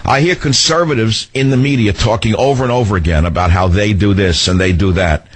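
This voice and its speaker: A man's voice: medium pitch, expressive, brisk, slightly rough. An older man hosting a talk radio show, delivering a combative, sarcastic, rambling monologue.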